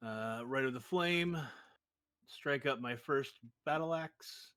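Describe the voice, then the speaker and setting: A man's voice: mid-range voice, slow, pushed and bright. A man playing a tabletop game online, chatty and playful, with lots of ums as he works through his turn. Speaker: player.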